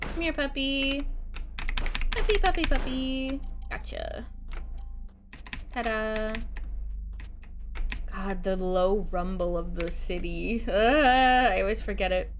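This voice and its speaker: Giggly high-voiced woman streamer. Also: slow pace, long pauses, a little hiss or hum. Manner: giggly, animated, talks to herself and thanks chat. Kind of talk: casual game live-stream commentary.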